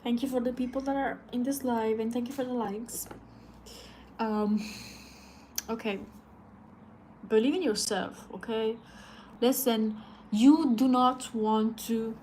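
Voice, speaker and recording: A woman's voice: fairly high pitch, measured pace, pauses often, a little mellow, a little hiss or hum. A woman on a live stream, ranting casually in a blunt, profane way.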